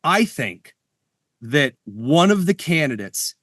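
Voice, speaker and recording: A man talks in a relaxed, joking way as a podcast co-host, tripping over his words and restarting as he goes. His voice sits a little high and sounds dry and close to the mic. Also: takes it slowly, no echo. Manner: playful, stammering restarts, jokey bets. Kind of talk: casual chat. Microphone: studio mic.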